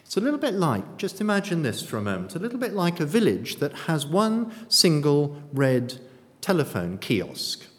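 A man preaching a sermon in a church. He asks lively rhetorical questions and adds touches of dry humour. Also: a little high, moderate pace. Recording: long reverb of a church.

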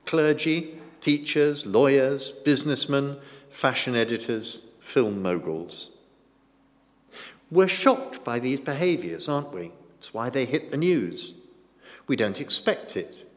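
Slow, lively-voiced preacher in a reverberant church. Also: male voice, medium pitch. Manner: measured, emphatic, building lists. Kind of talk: sermon. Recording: long reverb of a large church.

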